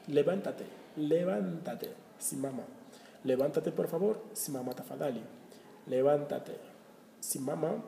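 Guy teaching words real slow, gravelly mellow voice, echoey room w/ long reverb. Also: medium pitch, slight background noise. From Kenya. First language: Swahili. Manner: repeats words slowly, spells them out letter by letter, laughs often. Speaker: language teacher. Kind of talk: casual language lesson.

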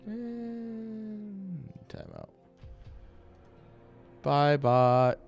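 A man's voice: sits high, sing-song, extremely slow, gravelly, a little mellow, lo-fi sound, faint music behind. A young man casting a live game with hyped, joking play-by-play, talking straight to his viewers. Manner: hype, joking, talks straight to chat. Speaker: esports caster.

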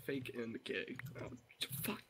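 A man's voice: slow pace, a bit bright. A young man co-hosting a Minecraft let's play, laughing often and teasing his partner. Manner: giggly, playful teasing. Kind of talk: casual gaming commentary.

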